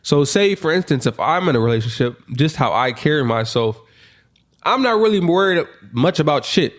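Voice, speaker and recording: A man's voice: a little high, animated, moderate pace. A young man co-hosting a podcast in casual chat, often hesitating and restarting as he works out his point. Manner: hesitant, repeats and restarts when explaining. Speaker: podcast co-host.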